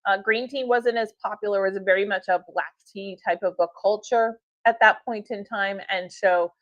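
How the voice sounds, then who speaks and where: A woman's voice: mid-range voice, steady tone, normal speed, a bit bright, no echo. A woman hosting a live stream for her tea shop, talking in a chatty, upbeat way with fillers and laughs. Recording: dull lo-fi stream audio.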